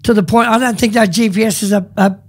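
A co-host on a radio show, chatting in a loose, casual way. The voice sits at a middling pitch. The talk rambles, with the same words coming back again and again. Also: steady tone, fast talker. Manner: rambling, repeats himself.

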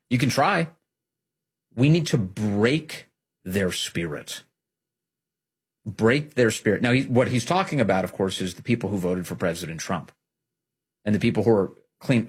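Husky, animated political commentary host man. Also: lowish voice. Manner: emphatic, repeats phrases for effect.

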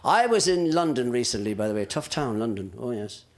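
A man's voice: mid-range voice, sing-song, fairly quick. A man telling stand-up jokes, chuckling at his own lines and chatting to the audience. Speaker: comedian.

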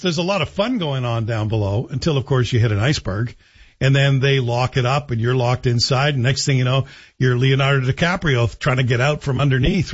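A man's voice: mid-range voice, breathy edge. A man hosting a talk radio show, giving opinionated commentary with sarcastic, joking asides. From Canada. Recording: dull lo-fi broadcast audio.

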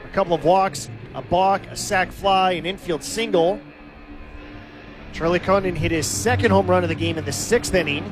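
Higher-pitched man calling baseball play-by-play. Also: moderate pace, music in the background. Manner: steady, stat-heavy game recaps. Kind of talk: live baseball play-by-play commentary.

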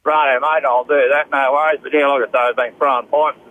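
A man's voice: mid-range voice, steady tone, fast, phone-quality sound. A man with a rural Australian accent calling in to radio, laid-back and drawling. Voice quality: laid-back, drawling, says mate often. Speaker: caller, farmer. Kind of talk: phone-in chat.

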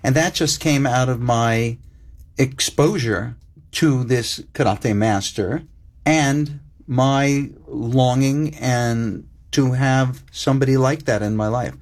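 An older man speaking as an interview guest, earnest and reflective, building lists and slowing down for emphasis. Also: mid-range voice, darkish tone.

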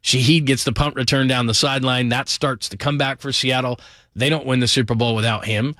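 A middle-aged man giving an energetic, emphatic sports talk monologue about football, piling up names and quick asides. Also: mid-range voice, no echo, studio quality. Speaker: football commentator.

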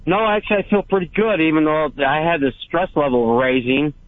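A man's voice: a little high, lively intonation. Hesitant man calling in over a phone line. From Hawaii. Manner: hesitant, halting, many fillers. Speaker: caller.

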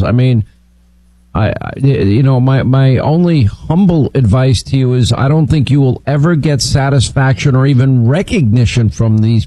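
A man hosting a talk radio show, brisk, emphatic and opinionated, speaking into a studio microphone. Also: medium pitch, warm tone, no room sound, low-quality recording.

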